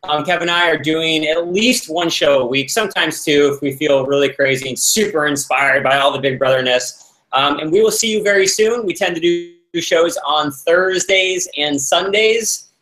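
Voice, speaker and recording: A young man chatting casually about a show, relaxed and joking, with a voice pitched a bit high. The room gives his voice a noticeable echo. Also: normal speed. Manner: laid-back, laughing, playful asides. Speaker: show host and former houseguest. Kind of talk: casual recap chat. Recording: roomy echo.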